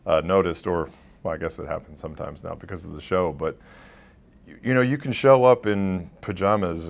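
A man's voice: low-pitched, vocal fry. A man working as a voice actor, answering interview questions in a rambling, casual way and laughing often. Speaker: voice actor guest.

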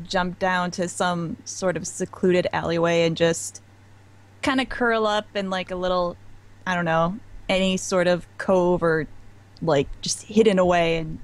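A woman's voice: lowish voice, unhurried. A woman playing a tabletop game, speaking tentatively. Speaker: player. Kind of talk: casual tabletop play.

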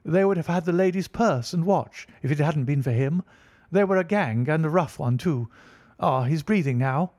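A man voicing an excited woman in a street crowd in an audiobook, talking eagerly. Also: on the high side, moderate pace, dry recording, clean studio sound, pitched above the performer's own voice. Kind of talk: audiobook reading.

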